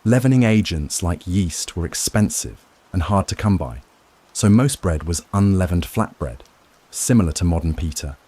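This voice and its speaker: Male sleep-story narrator with a very low voice; calm, soothing, measured scripted history reading. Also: slightly rough.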